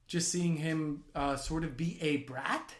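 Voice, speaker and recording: A man who works as an actor and writer, giving casual watch-along commentary on a film in an excitable, gushing way that bursts into yelling. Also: on the high side, takes it slowly.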